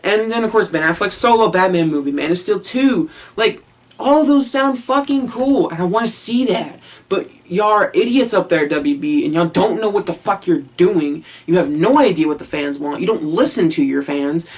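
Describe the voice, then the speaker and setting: A man's voice: high-pitched, animated, moderate pace. Profane ranting man. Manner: heated, profane, swearing constantly; laughs between points. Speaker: vlogger. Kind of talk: casual rant to camera.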